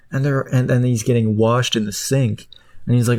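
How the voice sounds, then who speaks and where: A man rambling through the plot of a movie while clicking away, jumping into high squeaky voices for the characters. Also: fairly even intonation, moderate pace, darkish tone. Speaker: streamer. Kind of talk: casual chat while clicking.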